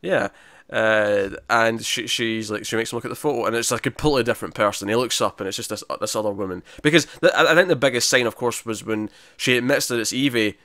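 A man's voice: mid-range voice, quick pace, pushed and bright, no room sound, clean studio sound. A man co-hosting a podcast, recapping a drama episode in a chatty, rambling way and acting out quotes. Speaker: podcast co-host. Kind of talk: casual TV review recap.

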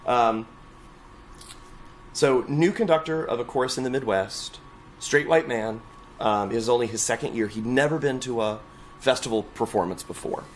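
A young adult man, a choral conductor, telling stories in an oral history interview, lively and expressive as he quotes others. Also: medium pitch, moderate pace, slight background noise.

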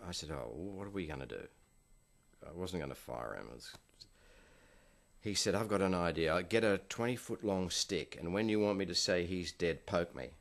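An older man with a very low voice tells stories from a film shoot in an interview. He keeps a dry, anecdotal delivery and acts out the people he quotes. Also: expressive, moderate pace. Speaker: film director.

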